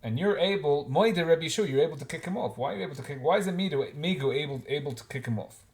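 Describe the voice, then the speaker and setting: A man's voice: fairly high pitch, lively intonation, fast talker, a little mellow. A man giving an informal Talmud class, thinking aloud with frequent restarts and working Hebrew and Aramaic terms into his explanations. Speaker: Talmud teacher.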